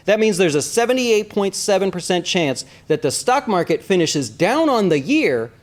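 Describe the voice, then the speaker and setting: A man who hosts an investing show, giving casual market commentary in an animated way and often asking listeners "right?". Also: a little high. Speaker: investment advisor and show host.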